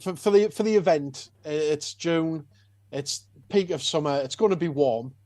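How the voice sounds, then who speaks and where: A man's voice: fairly high pitch, normal speed, a little mellow, no echo. Rambling man, dry sound. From North East England. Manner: rambling, with many restarts and "like" fillers. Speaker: convention organiser, podcast guest. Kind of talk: casual podcast chat.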